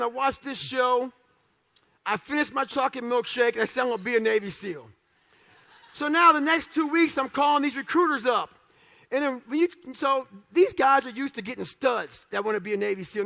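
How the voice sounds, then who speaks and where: A man giving a live motivational speech, telling his life story bluntly and with profanity, acting out the dialogue and breaking into shouts and laughing asides. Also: very high-pitched, brisk, vocal fry. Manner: lively storyteller who acts out dialogue. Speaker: motivational speaker.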